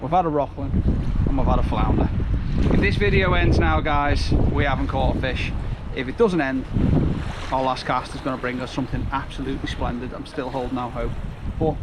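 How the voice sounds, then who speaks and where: A man's voice: medium pitch, a little fast. A man talking casually to camera as a fishing vlogger, chatty, grumbling and poking fun at himself on a riverbank. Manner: chatty, grumbling and self-mocking. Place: outdoors on a windy riverbank. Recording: loud wind noise on the mic.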